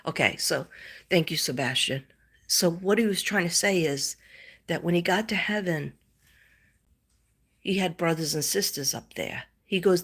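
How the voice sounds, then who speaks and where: A middle-aged woman with a low-set voice talks loosely on a live stream. She rambles, circling back often as she tells her story with animated asides. It is a relaxed, chatty psychic host. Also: a little slow, slightly rough. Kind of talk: casual live-stream chat.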